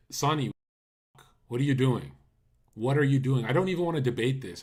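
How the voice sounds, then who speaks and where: Man, livestream host, husky voice, mid pitch, blunt mocking rants, casual commentary, condenser mic. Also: lively intonation, normal speed, a little mellow. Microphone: USB condenser mic.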